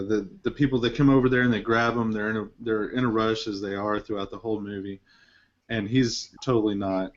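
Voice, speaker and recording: Rambling low-voiced man, lo-fi recording. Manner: rambling, many fillers and restarts. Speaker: film discussion host. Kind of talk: casual film review discussion. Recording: dull lo-fi recording.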